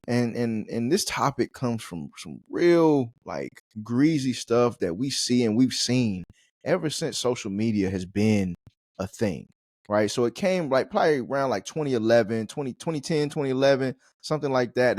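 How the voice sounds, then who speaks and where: A man co-hosting a podcast, telling stories in animated, slangy casual chat and laughing often. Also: mid-range voice, moderate pace, no room sound, studio quality. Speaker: podcast co-host.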